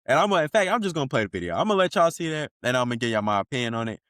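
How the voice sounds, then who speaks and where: A man hosts a casual podcast, talking loosely in heavy slang and laughing as he goes. His pitch rises and falls a lot, and his voice sits dry and close with no room sound. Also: very animated, very fast, fairly bright tone, no echo. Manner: profane slang-heavy banter, laughs often. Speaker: podcast host. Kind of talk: casual commentary.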